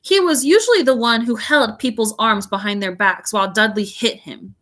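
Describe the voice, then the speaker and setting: A woman's voice: a little high, a bit bright. A woman teacher reading a story aloud to her class over a video call, stopping often to chat and explain. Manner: chatty, pausing to comment and explain.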